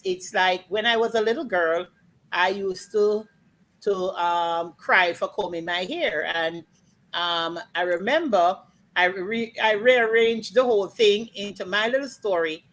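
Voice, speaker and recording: A woman with a Jamaican accent, chatting and telling folk stories with lively acted-out voices. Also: on the low side, a little slow, rough recording. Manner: animated storytelling, acts out voices. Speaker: storyteller guest. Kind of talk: casual chat.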